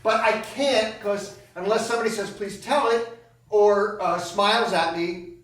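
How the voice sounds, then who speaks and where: A man's voice: high-pitched, steady tone, moderate pace, fairly bright tone. A man performing a solo comedy storytelling monologue on a small theater stage. He talks in a chatty, digressive, self-mocking way with dry comic asides. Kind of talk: live stand-up storytelling monologue. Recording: echoey theater, far from the mic, noisy.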